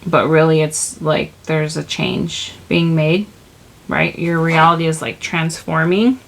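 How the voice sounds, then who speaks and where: A woman's voice: low voice, fairly even intonation, a little slow, creaky, slight background noise, poor audio. A woman giving a casual tarot reading, rambling and searching for her words, with lots of "like" and "you know.". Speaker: tarot reader.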